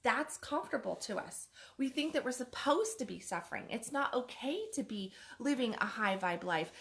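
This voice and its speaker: A woman's voice: a little high, expressive, moderate pace, fairly bright tone. A woman life coach giving a chatty motivational talk, repeating her points for emphasis. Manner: chatty, acts out other people's words.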